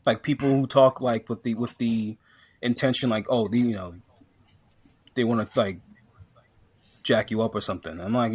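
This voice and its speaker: A man holds the mic on a laid-back podcast and rants, tripping over his own restarts as he builds up steam. His voice sits at an ordinary middle pitch. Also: moderate pace, pauses often, husky. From Jamaican heritage. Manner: animated ranting, many restarts and fillers. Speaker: podcast co-host. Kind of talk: casual podcast rant.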